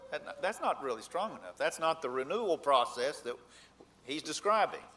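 A man preaching a sermon, earnest, rising to emphatic points and then dropping low. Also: animated, normal speed, bright, forceful tone.

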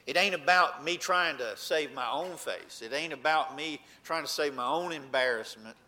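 A man preaching a sermon, earnest, rising to emphatic points and then dropping low. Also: normal speed, sharp tone.

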